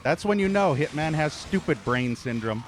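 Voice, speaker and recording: A man's voice: a little high, lively intonation, moderate pace, a little hiss or hum. A man streaming a video game, complaining and cursing as he plays. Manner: irritated, cursing, ranting. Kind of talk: gameplay commentary.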